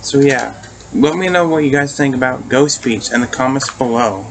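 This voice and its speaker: A man's voice: medium pitch, normal speed, slight background noise, rough recording. A man casually recapping and reviewing a TV episode. He rambles, restarts often and swears casually.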